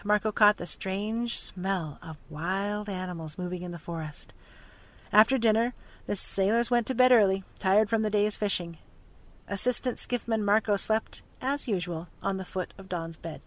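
Casting: calm, even storybook reader for a children's chapter book. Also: medium pitch. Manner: steady, even-paced reading. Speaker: narrator. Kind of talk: storybook reading aloud.

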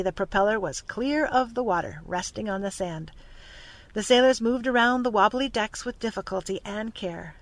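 A narrator reading a storybook aloud in a steady, clear manner. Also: mid-range voice.

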